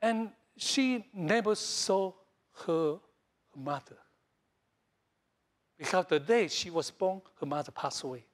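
A middle-aged man from Taiwan, a Taiwanese native speaker, preaching a sermon in broken English full of repeats and fillers, swinging between loud high bursts and soft low lines. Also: slow, long pauses. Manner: animated, jumps between loud highs and soft lows. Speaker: pastor.

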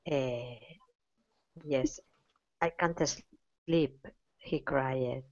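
A woman with a low voice reads a story aloud to a class, going slowly and haltingly with little fillers. The recording is dry and dull. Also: steady tone, no echo. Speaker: student reading aloud.

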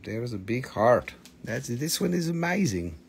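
A man hosting a live sales stream, talking with excited, animated patter as he shows and prices each item. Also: mid-range voice, moderate pace, vocal fry, a little hiss or hum.

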